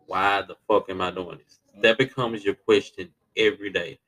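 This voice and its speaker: A man in his thirties telling stories in a casual conversation, swearing freely and switching between quiet and loud, laughing often. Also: normal speed, poor audio. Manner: animated, laughing, swings between low and loud; casual profanity and slang. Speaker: podcast guest.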